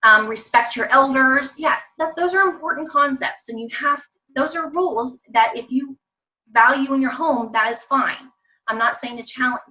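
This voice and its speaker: A woman's voice: sits high, sharp tone, recorded from a distance, low-quality recording. A woman from the American South gives an online parenting talk, speaking emphatically and often asking the audience rhetorical questions.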